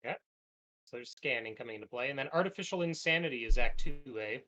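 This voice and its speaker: Pushed and bright, this man's mid-range voice moves quickly with lively intonation. He's a podcast co-host playing a casual cooperative card game, reading the story text from the cards aloud and often breaking into laughter.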